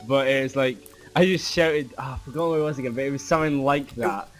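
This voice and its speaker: A man's voice: medium pitch, fast. Laid-back man with game music behind. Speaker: gaming co-player. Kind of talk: casual chat while gaming.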